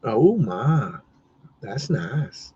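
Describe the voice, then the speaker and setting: This man speaks extremely slowly in a sing-song, mid-range voice with a dark, slightly rough tone. He's a podcast co-host chatting casually on a livestream as he looks through maps, hesitating often and restarting sentences amid many fillers, all in dull lo-fi stream audio.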